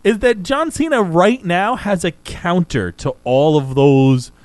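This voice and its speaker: A man co-hosting a podcast, chatting casually and excitedly about wrestling, with plenty of swearing. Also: unhurried, no room sound, poor audio. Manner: animated, swearing, pitch jumping up when excited. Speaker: podcast co-host.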